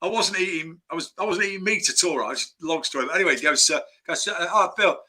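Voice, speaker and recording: A man's voice: on the high side, quick pace, pushed and bright. A man chatting as a screenwriter guest in a casual interview, telling rambling anecdotes full of restarts.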